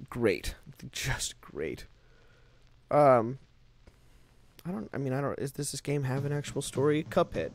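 A man's voice: mid-range voice, a little mellow. A man hosting a let's play, chatting over gameplay in a playful way and reading the story text aloud.

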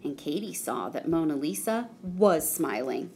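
Slow, expressive woman storyteller. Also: sits low. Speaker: storybook reader. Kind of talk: children's story read aloud.

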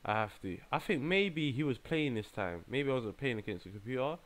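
Exasperated young gamer. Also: male voice, mid-range voice, brisk. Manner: exasperated, excitable running reactions with slang. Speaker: gaming channel host. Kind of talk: mobile game commentary.

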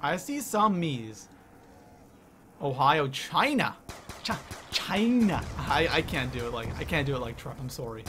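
A young man from Canada hosting a live game stream, excitedly reading the chat out loud. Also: mid-range voice, fairly quick, few pauses, a little hiss or hum.

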